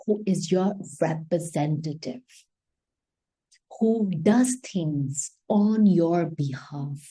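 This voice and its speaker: A woman delivers a devotional reflection on the Quran in a deep, mellow, warm voice. She is impassioned and emphatic, drawing out single words and slipping between English and Hindi. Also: low-quality recording. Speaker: Islamic teacher.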